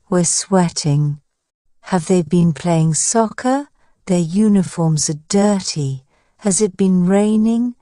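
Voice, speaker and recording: Woman teacher, slow measured delivery of example sentences, warm low-key tone, dry close recording. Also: no room sound. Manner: even, deliberate reading of example sentences. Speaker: English teacher. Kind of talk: slow scripted grammar drill.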